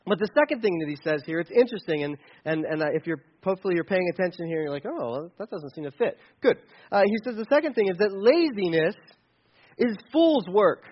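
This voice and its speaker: A man's voice: high voice, animated, quick pace, slightly rough, lo-fi sound. A man preaching conversationally on a Bible passage, rambling and playfully acting out examples. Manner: casual, rambling, with playful acted-out asides. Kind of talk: conversational sermon.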